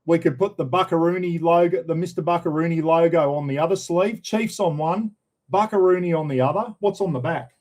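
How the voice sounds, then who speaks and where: A middle-aged Australian man with a fairly high, darkish-toned voice talks a little fast as he hosts a casual livestream chat. He rambles in slangy fashion, often calling out to his viewers as "everyone."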